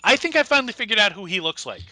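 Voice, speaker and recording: A man's voice: high voice, sing-song, racing, pushed and bright, no room sound. A man co-hosting a casual wrestling podcast, jumping in eagerly and laughing often. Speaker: podcast co-host.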